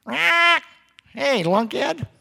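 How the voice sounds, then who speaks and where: A shrill, squawking preaching parrot that belts out its warnings at full force, as a man puts it on. The voice jumps high and loud with a bird's harsh edge. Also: lively intonation, very slow, creaky, long reverb tail, full character voice.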